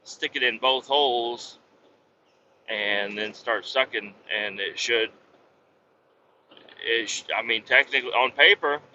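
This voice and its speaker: A man with a very bright, sharp voice tells a rambling work story. He is blunt and swears a lot, stopping and restarting often. The recording sounds dull and lo-fi, with a faint hum of a vehicle behind him. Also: mid-range voice, unhurried, long pauses. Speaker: podcast host telling a work story. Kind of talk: casual storytelling monologue.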